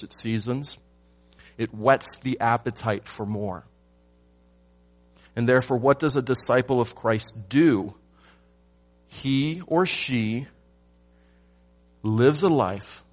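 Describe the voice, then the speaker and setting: Slow-preaching pastor, man. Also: mid-range voice. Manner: rhetorical questions, swings from loud emphasis to hushed. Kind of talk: sermon.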